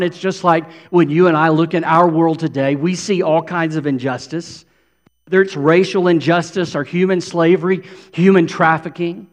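A man with a notably high voice delivers a sermon, earnest and building in intensity as he voices pleading prayers. His words carry a long reverb, as if spoken in a large hall. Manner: earnest preaching, voicing prayers with rising intensity. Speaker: pastor.

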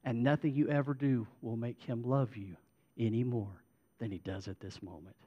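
A man preaching a sermon as a pastor, moving from emphatic declarations to a quiet, intimate prayer voice. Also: mid-range voice, steady tone, normal speed, lo-fi sound.

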